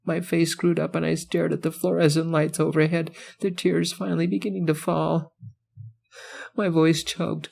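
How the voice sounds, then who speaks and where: A man narrating a romance short story in the first person as an audiobook, measured and earnest. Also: a little high, flat delivery, gravelly, a little mellow.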